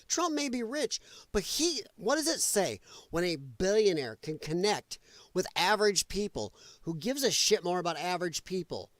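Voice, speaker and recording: A man hosts a casual political livestream, chatting to his viewers while he hunts for clips and laughs along. His voice sits high and swings widely. The sound is dry and close, with no room around it. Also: no room sound. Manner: animated, laughing, talks to chat while hunting for clips. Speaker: livestream host.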